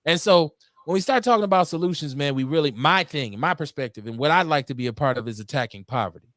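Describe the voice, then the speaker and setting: A man hosting a community radio talk show, preaching with heat, swinging between loud outbursts and low muttering, and swearing freely. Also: lively intonation, fast talker, no room sound, studio quality. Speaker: host. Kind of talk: impassioned call-in radio talk.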